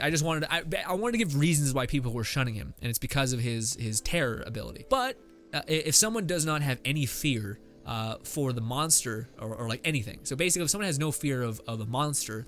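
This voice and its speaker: With a medium-pitched, somewhat bright voice, the podcast host improvises a story idea. He rambles and reasons aloud, swearing often and leaning on fillers, as quiet background music plays.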